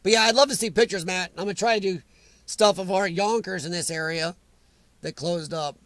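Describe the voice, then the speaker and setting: A middle-aged man chats casually as a livestream host. His voice sits high for a man and is recorded dry and close. He jokes, teases and answers commenters in a loose, rambling way. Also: brisk, fairly bright tone, no room sound. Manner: joking, teasing, talks back to chat comments. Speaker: livestream host reading chat. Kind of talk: casual live chat.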